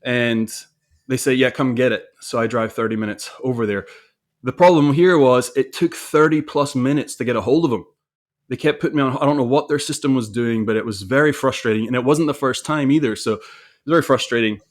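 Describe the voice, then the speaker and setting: A man with a mid-range voice talks fairly quickly, telling a candid, self-examining story about something he got wrong. It's conversational, and he keeps restarting and repeating words.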